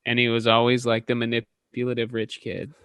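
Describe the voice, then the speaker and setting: A man's voice: mid-range voice, completely flat delivery, brisk, a bit bright, clean tone, no echo, clean studio sound. A man co-hosting a film podcast, talking casually and rambling with restarts. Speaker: podcast co-host.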